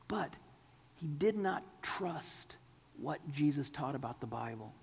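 A man's voice: on the high side, vocal fry, husky, long reverb tail. A man preaching a sermon, earnest and pleading, sometimes dropping to a whisper.

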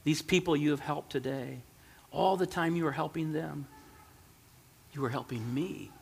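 A man voicing a calm divine presence in a storybook reading, speaking quietly and solemnly. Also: a little high, moderate pace, creaky, slight background noise. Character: calm, gentle divine male voice. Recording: long hall reverb.

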